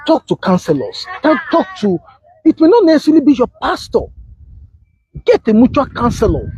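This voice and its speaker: A man preaching a sermon on marriage, telling stories with quoted dialogue and sudden high exclamations. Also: sing-song, a little fast, darkish tone, husky, highs cut off. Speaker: pastor.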